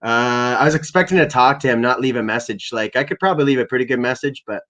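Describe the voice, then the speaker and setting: A young Canadian man hosts a livestream, ranting casually and rambling along with lots of swearing and filler words. His voice is medium-pitched, fast, and a bit bright.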